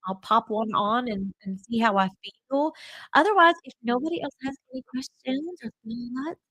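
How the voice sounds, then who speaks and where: A woman's voice: on the high side, normal speed, fairly bright tone, no room sound, rough recording. A woman hosting a casual travel livestream, chatty and rambling with lots of fillers, a bit stuffy from a cold. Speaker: travel channel host.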